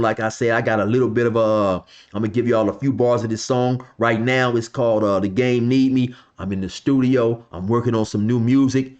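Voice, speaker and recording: A man's voice: medium pitch, a little mellow, dull audio. A man casually telling a story from his past in loose slang, filling it with "you know" and "man.". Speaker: vlogger telling a street story.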